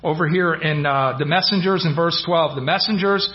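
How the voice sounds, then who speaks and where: A man's voice: on the high side, moderate pace. A man teaching from the Bible in an informal sermon, retelling a story with many fillers and restarts and acting out the quotes. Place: church. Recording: dull lo-fi church audio.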